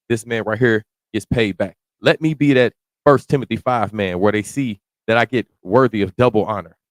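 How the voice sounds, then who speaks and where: Here a man preaches a psalm verse by verse, his mid-range voice close-miked in a dry, deadened room without echo. Each passage is read slowly and with care, then explained in relaxed, slangy language that now and then climbs to a shout.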